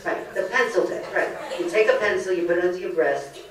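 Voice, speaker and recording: In a library meeting room, a Brooklyn-born older woman acts the lively storyteller, delivering a comedic lecture loaded with jokes. Her fairly low voice moves at a fairly quick pace, and the distant mic picks up an echoey room.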